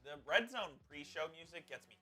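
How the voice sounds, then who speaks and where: Very bright-voiced co-host chiming in. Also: male voice, on the high side, lively intonation, soft background music. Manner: quick chiming-in remarks. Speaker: sports show co-host. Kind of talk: live sports stream chat.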